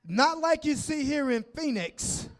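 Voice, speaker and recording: A man's voice: extremely high pitch, lively intonation, measured pace. A man headlining a comedy club, talking loose and profane with lots of laughter as he banters with the crowd. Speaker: headlining stand-up comic. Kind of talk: stand-up set.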